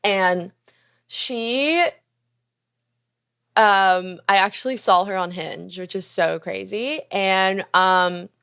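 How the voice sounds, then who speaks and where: A young woman hosting a podcast, telling a candid, profane story about a relationship at a fast clip, laughing often. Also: mid-range voice, fairly even intonation, gravelly, a bit bright, clear, resonant tone. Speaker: podcast host.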